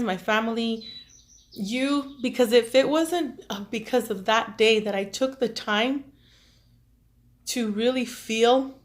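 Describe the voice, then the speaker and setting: A woman with children, speaking to her viewers in an emotional, halting personal monologue as a tarot reader, tearful at times. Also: fairly high pitch. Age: adult with children. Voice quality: earnest, halting, with many restarts and fillers. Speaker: tarot reader and self-care vlogger.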